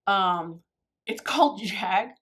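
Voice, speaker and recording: A woman's voice: medium pitch, animated, slow, a bit bright. A married woman chatting casually to her viewers while she does her makeup. She rambles, makes fun of herself and laughs often. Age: adult, married. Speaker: beauty YouTuber. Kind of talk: casual makeup tutorial chat.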